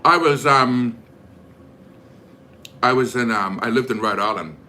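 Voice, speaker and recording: Cooking for his vlog, a New Zealand-accented man chats and rambles, full of filler words. He speaks at a measured pace in a mid-range voice that sounds pushed and bright, with slight background noise.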